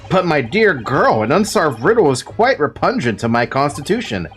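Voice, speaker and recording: A grandiose, eccentric gentleman detective holds forth with theatrical self-importance, as a streamer reads his lines aloud. The delivery swings widely in pitch, with soft game music beneath. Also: very animated, normal speed, natural voice. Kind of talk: reading game dialogue aloud.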